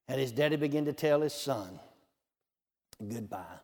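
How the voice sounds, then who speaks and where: A man's voice: medium pitch, animated, normal speed, darkish tone. A man telling a minister's testimony in a folksy way, with many "you know" asides. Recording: long hall reverb.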